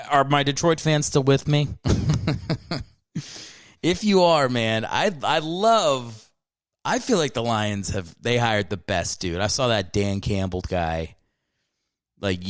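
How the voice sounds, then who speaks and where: A man's voice: medium pitch, lively intonation, takes it slowly, smooth, no room sound, studio quality. A man hosting a comedy podcast, rambling through a profane, riled-up sports rant. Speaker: podcast host. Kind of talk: solo comedy podcast monologue.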